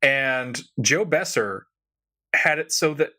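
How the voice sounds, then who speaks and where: A man co-hosting a podcast, chatting casually and animatedly, laughing often with quick asides. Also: medium pitch, expressive, pushed and bright. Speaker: podcast co-host. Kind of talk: casual chat.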